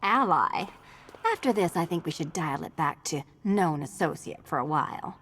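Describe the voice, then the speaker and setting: A woman's voice: low-pitched, moderate pace, a bit bright, a little hiss or hum. An actress voicing a sly, wry female cat burglar in a video game, dry and teasing.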